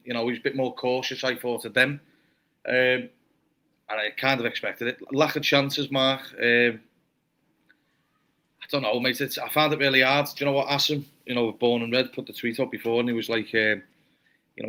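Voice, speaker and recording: A man's voice: mid-range voice, fairly even intonation, normal speed, bright, forceful tone. A man hosting a casual football fan show, chatty and sweary, steering the talk.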